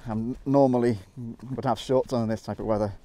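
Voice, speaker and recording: Speaking at medium pitch and a little quickly, a middle-aged man who photographs nature vlogs from beside a valley waterfall. His photo compositions get explained with plenty of excitement and sudden exclamations of "wow."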